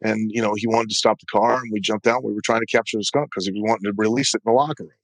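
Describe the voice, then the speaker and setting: A man's voice: lowish voice, fairly even intonation, fast talker, dry recording, low-quality recording. A man, a retired wrestler, recalling road pranks in a matter-of-fact way. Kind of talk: casual recollection.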